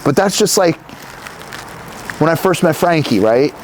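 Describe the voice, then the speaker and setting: A man in his thirties from New Jersey, a company founder talking as an interview guest, who rambles and swears as he tells animated stories. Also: fairly high pitch, measured pace, a little hiss or hum. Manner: rambling, profane, animated storytelling. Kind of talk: casual interview conversation.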